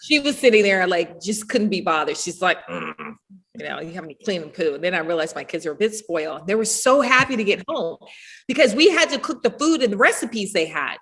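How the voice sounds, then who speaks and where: A middle-aged woman, a podcast guest, telling stories in casual chat, animated and laughing often as she acts out what people said. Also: medium pitch, brisk, breathy edge.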